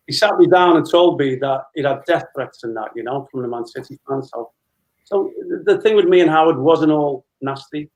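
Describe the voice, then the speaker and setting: A man in his fifties, a former footballer, telling lively anecdotes with frequent laughter as an interview guest. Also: on the high side, normal speed, rough recording. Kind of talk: casual storytelling interview.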